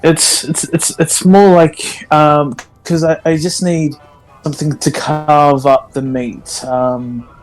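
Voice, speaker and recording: A man's voice: on the high side, level tone, slow pace, soft background music, poor audio. A man playing in a tabletop game, talking hesitantly with many ums and restarts. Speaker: player. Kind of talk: casual tabletop role-play.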